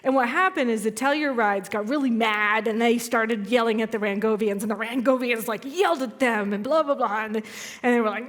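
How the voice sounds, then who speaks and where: A fairly high-voiced woman minister speaks to her congregation in a loose, storytelling way, poking fun at herself as she goes. Her voice rings out with a long reverb from a large hall. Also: brisk. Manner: chatty, storytelling, self-deprecating humor. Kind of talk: conversational sermon. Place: church sanctuary.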